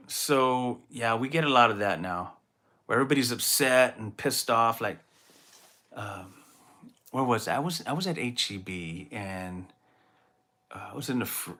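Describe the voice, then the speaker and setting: A man from Texas hosting his own podcast, talking casually in a rambling, animated way with lots of restarts. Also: mid-range voice. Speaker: podcast host. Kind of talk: casual solo monologue.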